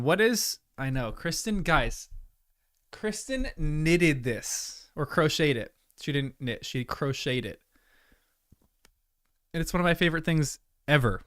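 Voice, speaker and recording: A rambling, apologetic man chats casually with his livestream viewers from home, his voice sitting at an ordinary middle pitch. The sound is close and dry, with no room around it, and now and then he talks through a mouthful of food. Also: fairly bright tone, no echo. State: chewing food at times. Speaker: livestream host. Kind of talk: casual chat with live viewers.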